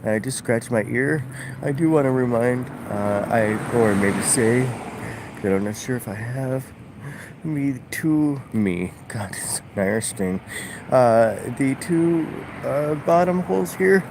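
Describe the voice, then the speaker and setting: A man vlogging a halting, musing spiritual monologue, full of fillers. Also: medium pitch, expressive. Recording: outdoor traffic noise.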